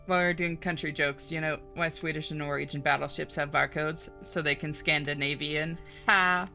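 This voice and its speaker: A woman's voice: low-pitched, steady tone, normal speed, gravelly, pushed and bright, faint music behind. A woman streaming a video game live, bantering with chat in a flirty, teasing way and trading puns.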